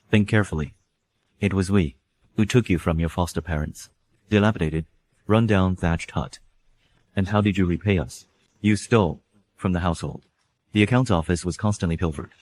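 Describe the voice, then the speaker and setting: Harsh and scolding, a proud middle-aged aristocratic father with a very deep, low voice. His tone is cold and reproachful, in a dubbed period drama. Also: a little mellow.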